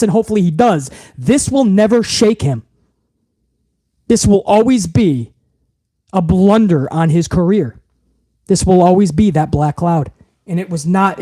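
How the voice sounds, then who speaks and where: A man's voice: sits high, dark tone, no echo. A young man hosting a live wrestling podcast stream, ranting heatedly with lots of swearing and reading viewer messages aloud. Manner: heated, profane ranting, reads viewer super chats aloud.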